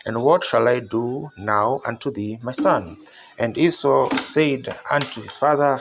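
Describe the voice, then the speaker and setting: A man reads scripture aloud in a measured, solemn way. His voice sits at an ordinary middle pitch. A faint hiss runs under the recording. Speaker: Bible reader. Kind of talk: scripture reading.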